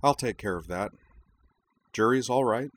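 Male narrator doing an excitable schoolgirl in a higher, rushed voice for an audiobook. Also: close to an everyday voice. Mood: alarmed. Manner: higher voice, shocked, rushed questions. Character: excitable young schoolgirl student leader.

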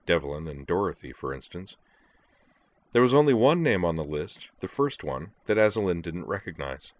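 A man with a very low voice narrates a story aloud. His reading is steady and even, line by line, with a deep, grounded tone. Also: moderate pace, no room sound.

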